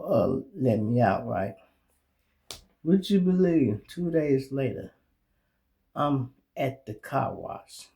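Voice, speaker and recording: Gravelly Chicago man telling street stories. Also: mid-range voice. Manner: animated, streetwise storytelling with profanity. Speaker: show host. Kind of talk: casual storytelling monologue.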